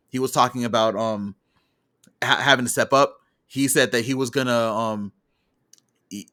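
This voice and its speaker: A man's voice: medium pitch, a bit bright. A man co-hosting a podcast, casually recapping a wrestling show in rambling detail. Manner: rambling storyteller, acts out quotes from the show. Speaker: podcast co-host.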